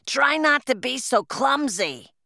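A woman's voice: sits high, expressive, takes it slowly, gravelly, bright, forceful tone, no room sound, clean studio sound, pitched above the performer's own voice, exaggerated voice. A woman putting on a roaring, bossy man. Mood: scornful. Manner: roaring, threatening. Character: blustering loud male placing-out agent, bossy bully.

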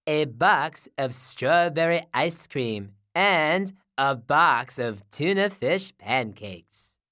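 A woman voicing a theatrical, excitable girl with a strange laugh in a storybook reading. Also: sits low, slow. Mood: showy.

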